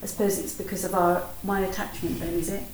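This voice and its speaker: A woman's voice: mid-range voice, little pitch movement, fast talker, darkish tone, a little hiss or hum. A woman in a group discussion, asking a thoughtful question and searching for her words. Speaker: student in discussion. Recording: echoey room, mic far away.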